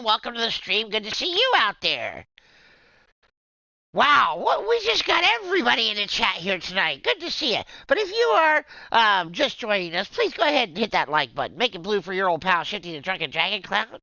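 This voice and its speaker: A man's voice: sits high, pushed and bright, no echo, poor audio. Guy streamer doing goofy drunk-clown play-by-play, bouncy voice all over the place. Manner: rambling and jokey, playing a drunken clown persona. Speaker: streamer and wrestling commentator. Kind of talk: excitable play-by-play game commentary.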